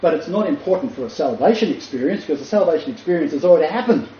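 A man's voice: fairly high pitch, animated, very fast, mellow. An older man in ministry gives an emphatic, casual teaching talk, repeating key phrases and stumbling over fillers. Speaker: Christian ministry leader. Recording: roomy lo-fi recording with faint noise.

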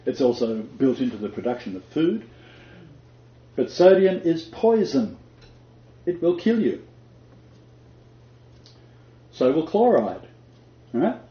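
A man's voice: mid-range voice, big pitch swings, measured pace, long pauses. An older man giving an emphatic, conversational faith talk, chuckling now and then and quoting scripture. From Australia. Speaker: Christian teacher. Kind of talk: conversational sermon-style talk. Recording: echoey room, dull lo-fi sound.

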